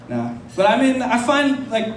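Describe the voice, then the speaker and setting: A man from France, high-voiced, doing a loose, profane stand-up set with banter at the crowd. He is recorded from a distance in a roomy club. Background noise is clearly audible. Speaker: stand-up comedian. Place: comedy club. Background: audience laughter.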